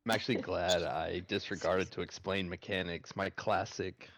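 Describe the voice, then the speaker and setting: A man on a voice call recalling a funny dungeon moment, excited and laughing. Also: sits low, normal speed, no echo. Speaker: gaming friend and dungeon leader. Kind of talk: casual group voice chat.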